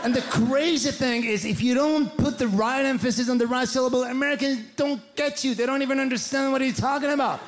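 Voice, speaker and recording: A man with a French accent, a native French speaker, performing an animated, playful, self-mocking stand-up routine on a comedy stage. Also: very high voice, a little fast, few pauses. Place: comedy stage before a live audience. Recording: live show with audience noise.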